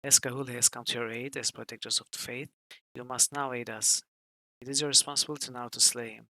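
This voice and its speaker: A man reading aloud the lines of a stern older male temple lector in a game, in a grave, measured way. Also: mid-range voice, steady tone, sharp tone, dry recording, poor audio.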